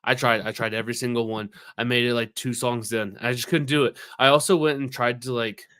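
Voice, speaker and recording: A man's voice: mid-range voice, fairly even intonation, fairly quick, fairly bright tone, clean tone. Rambling, foul-mouthed podcast man. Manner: rambling, emphatic, swears often. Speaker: podcast co-host. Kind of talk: casual profane podcast banter.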